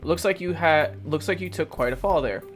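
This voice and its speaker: A man reading the lines of a calm young woman nurse in a game, gently scolding and matter-of-fact. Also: a little high, moderate pace, soft background music, pitched above the performer's own voice, natural voice.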